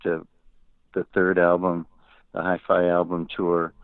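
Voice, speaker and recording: Older male musician guest, deep-voiced, wry anecdotal storyteller, heard over a tinny, dry remote line. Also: completely flat delivery, unhurried, clean tone, dry recording. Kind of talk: interview storytelling.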